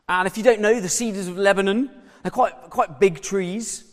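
A man preaching a sermon in a lively, conversational way, pointing to slides and props as he goes. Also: high voice, moderate pace. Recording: long reverb of a church hall.

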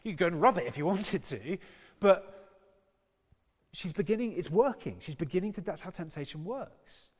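Male preacher, slightly raised pitch, chatty sermon delivery that quizzes the room, long hall reverb. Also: lively intonation, moderate pace, husky. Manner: conversational, quizzes the congregation. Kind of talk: sermon with scripture reading.

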